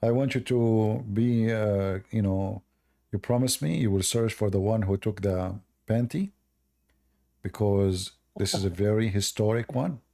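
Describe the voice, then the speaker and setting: Hoarse guy hosting a call-in, mellow voice, sarcastic and pushy. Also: on the low side, unhurried. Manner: sarcastic, argumentative, emphatic. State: hoarse, losing his voice. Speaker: host. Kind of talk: debate call-in discussion.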